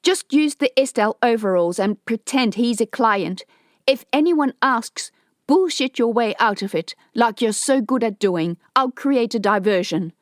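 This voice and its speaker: A woman's voice: fairly high pitch, lively intonation, measured pace, no echo, studio quality, pitched above the performer's own voice. A woman voicing a terse male guard who gives clipped, commanding orders.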